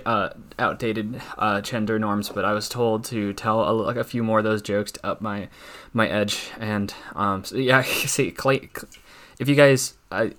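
A young man doing an awkward, deadpan stand-up routine, halting and stammering through constant fillers and restarts. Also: on the low side. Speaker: stand-up comic.

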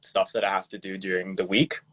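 A young man co-hosting a podcast, talking in a relaxed, hesitant way with lots of fillers. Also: low voice, brisk. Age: young adult. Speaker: podcast co-host. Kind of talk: casual chat.

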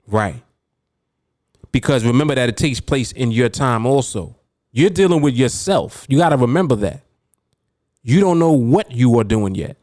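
A man coaching traders on his podcast, talking in an emphatic, street-casual way and laughing often as he reads out chat comments. His voice sits at an ordinary middle pitch for a man. The sound is dry and close, with no room echo. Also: animated, moderate pace, long pauses, darkish tone. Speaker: trading coach and podcast host.

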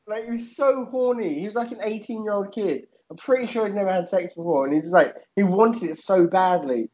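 A man's voice: high-pitched, fast talker, hardly any pauses, darkish tone, lo-fi sound, slight background noise. A young man telling a rambling story on a podcast, swearing and laughing often as he talks. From Britain. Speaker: podcast co-host.

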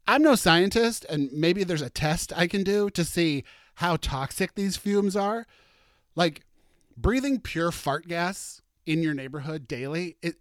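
A man's voice: on the high side, no echo, studio quality. Campy, chatty middle-aged man. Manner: chatty, campy and animated, with laughs and mock outrage. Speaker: podcast host. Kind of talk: casual solo podcast chat.

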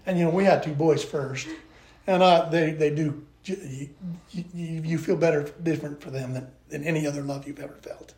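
Older male guest, slightly high voice, earnest and rambling, roomy echo. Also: fairly even intonation, moderate pace, darkish tone. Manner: earnest, rambling with restarts, turns emotional. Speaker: podcast guest. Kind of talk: casual interview chat.

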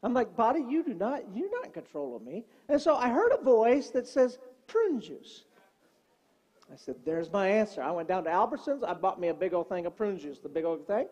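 A man's voice: high voice, a little fast, hardly any pauses, slightly rough, muffled recording. Comic storytelling male pastor. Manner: animated, comic, preacherly. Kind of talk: humorous sermon storytelling.

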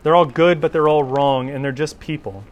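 A man's voice: a little high, steady tone, moderate pace, muffled recording, a little hiss or hum. A man teaching a Bible class in an informal lecture, talking conversationally and often checking in with "right?".

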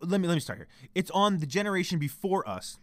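A man's voice: sits high, sing-song, quick pace, no room sound. A young Canadian man hosting a solo podcast from home, ranting in a profane, heated and confessional way, cranky. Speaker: podcast host.

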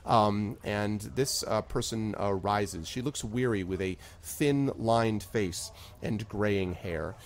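A man narrating as game master of a tabletop game, relaxed and rambling with many fillers. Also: fairly low pitch, slow pace, hardly any pauses, slight background noise.

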